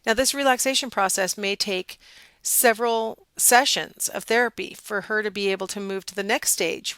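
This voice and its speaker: A middle-aged woman giving a casual psychology lecture, telling a personal story with lively, animated quoting. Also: mid-range voice, dry recording.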